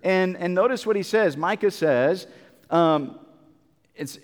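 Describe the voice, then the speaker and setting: A man's voice: sits high, slow pace, long pauses, long reverb tail. A man preaching a Bible sermon in an earnest, repetitive way, with many fillers and restarts.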